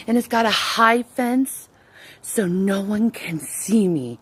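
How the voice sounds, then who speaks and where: A woman shows off her home on a handheld phone camera, a little out of breath, in a slow, unhurried voice. She sounds flamboyant and defiant, leaning on words like "darling." A soft room noise runs under her voice. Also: medium pitch, expressive. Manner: showy, defiant, calls viewers darling. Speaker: vlogger giving a home tour. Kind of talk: walking home-tour vlog. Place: indoor apartment, moving between rooms.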